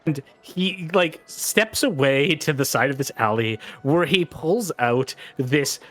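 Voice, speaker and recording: A man's voice: a little high, animated, slow, a bit bright. A man narrating as game master of a tabletop game, chatty with many fillers.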